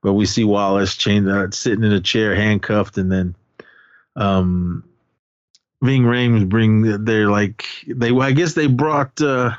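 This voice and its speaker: A man's voice: on the low side, steady tone, slow, clear, resonant tone, no room sound, highs cut off. A man co-hosting a podcast, casually retelling a film's plot with many fillers and quoting lines from it. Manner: rambling retelling with acted-out quotes and filler words. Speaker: podcast co-host. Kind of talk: casual movie recap chat.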